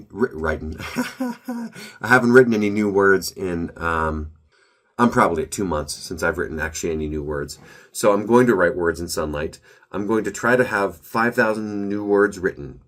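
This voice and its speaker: A man with a very low, deep voice gives a casual solo update, chatty and upbeat and prone to restarting sentences. A slight nasal stuffiness hangs on his speech from a recent cold and pollen allergies. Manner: rambling, upbeat, self-correcting. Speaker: author giving a weekly update.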